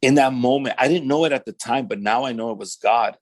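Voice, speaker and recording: Animated Southern California man telling his story. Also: mid-range voice, fairly quick. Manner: animated storyteller, acts out voices in quotes; conversational, fillers like "man" and "right?". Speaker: guest pastor telling his testimony. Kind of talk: casual storytelling testimony.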